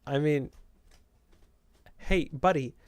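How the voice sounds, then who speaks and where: Young man with a faint Southern lilt, slightly high voice, dry close sound; rambling casual podcast host. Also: slow, smooth, no echo. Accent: light Southern US. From Southern United States. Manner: chatty, meandering, self-correcting.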